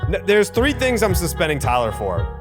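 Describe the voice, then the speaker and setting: Guy on a sports podcast giving his buddy grief, kinda high voice, laughing a lot, music under it. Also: normal speed. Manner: animated, mock-scolding, laughs often. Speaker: podcast co-host. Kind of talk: casual sports podcast banter.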